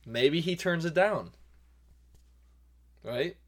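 A young adult co-host chats in a laid-back, teasing way and laughs often. The voice sits in a middle pitch. It sounds like a home microphone on a remote call. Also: lively intonation, extremely slow. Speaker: podcast co-host. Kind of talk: casual chat. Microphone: home computer microphone, remote call.

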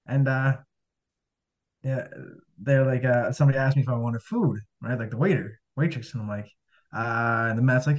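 A man's voice: mid-range voice, steady tone, moderate pace, long pauses, darkish tone. Guy rambling thru his story, lots of "you know" and "like", acts out the dialogue, kinda dull lo-fi sound. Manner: rambling, heavy on fillers, acts out quoted dialogue. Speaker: guest. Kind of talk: casual storytelling. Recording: dull lo-fi audio.

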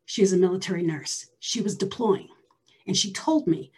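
Husky woman telling a personal story. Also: mid-range voice, moderate pace. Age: 40s. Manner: emphatic, drops to a hushed near-whisper for stress.

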